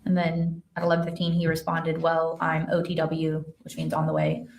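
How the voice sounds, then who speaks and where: A woman's voice: sits low, normal speed, darkish tone. A woman investigator giving courtroom testimony, reading text messages aloud in a careful, matter-of-fact way with a few hesitant fillers. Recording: echoey courtroom sound from far off the mic.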